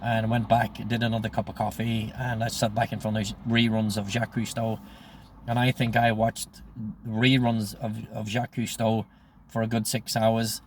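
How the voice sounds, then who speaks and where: A man's voice: lowish voice, little pitch movement, normal speed, slight background noise. Rambling, foul-mouthed older man. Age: 60s. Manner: rambling, profane, peppered with "you know what I mean". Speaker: storyteller recounting his life. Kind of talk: casual spoken memoir.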